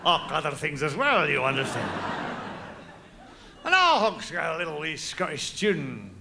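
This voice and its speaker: Zany, high-voiced male comedian. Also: very animated, unhurried, gravelly, background noise. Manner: zany, jumps between silly voices. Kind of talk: stand-up comedy.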